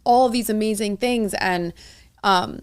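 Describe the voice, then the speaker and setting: A woman's voice: mid-range voice, slow, smooth. A young woman co-hosting a podcast as a coach, talking in an earnest, rambling way full of "like". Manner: earnest, rambling, heavy use of "like". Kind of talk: casual chat.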